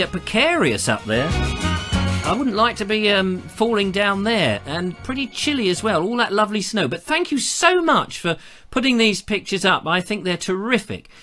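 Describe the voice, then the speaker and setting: A man from England hosting a live online show in a chatty, digressive and playful way, with plenty of fillers. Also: high voice. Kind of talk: rambling live-show chat.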